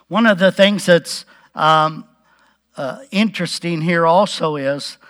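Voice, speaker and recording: A man preaching a relaxed Bible-teaching sermon, chuckling now and then and acting out the quotes. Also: on the high side.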